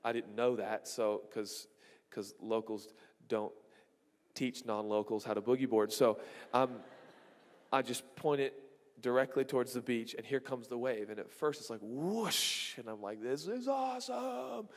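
Man preaching, animated storyteller, mid-pitched voice, long hall reverb. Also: normal speed. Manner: animated storytelling with acted-out exclamations. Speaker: pastor. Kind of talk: sermon.

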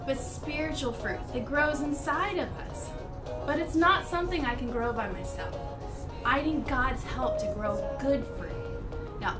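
A woman leads a children's church lesson in a high, animated voice that swings up and down, acting out little scenes of frustration in a playful way. She takes her time, and she sounds a little distant from the mic while clear music plays behind her. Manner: lively, exaggerated storytelling, acting out frustration.

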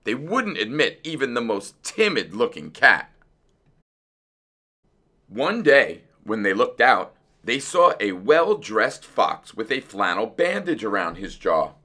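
A man reading a children's picture book aloud in an expressive, unhurried storytelling voice. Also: medium pitch.

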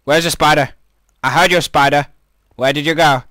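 A man's voice: on the high side, steady tone, moderate pace, pushed and bright, no echo, clean studio sound. Chatty man rambling over gameplay. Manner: chatty, rambling, jumpy exclamations. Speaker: gamer. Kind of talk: casual gameplay commentary.

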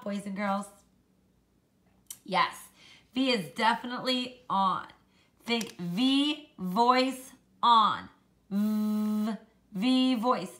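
Slow, bright-voiced phonics teacher woman. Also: a little high. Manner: slow, encouraging, modelling sounds for kids. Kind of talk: children's phonics lesson.

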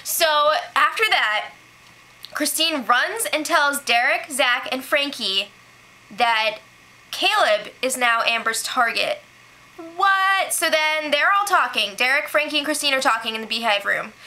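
A woman hosting a casual recap video, chatty and sarcastic, often giggling through quick asides. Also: high-pitched, expressive, bright, forceful tone. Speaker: host recapping a reality show.

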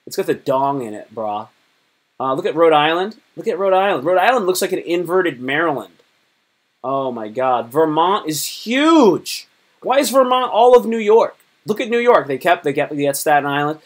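Joking, rambling male live streamer. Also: a little high. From Virginia, United States. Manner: playful, rambling, slangy, joking. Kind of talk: casual live-stream chat.

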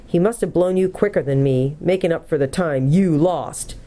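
A woman's voice: deep voice, normal speed, mellow, close to an everyday voice. A woman voicing a cross, complaining English schoolboy in a storybook reading. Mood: miserable.

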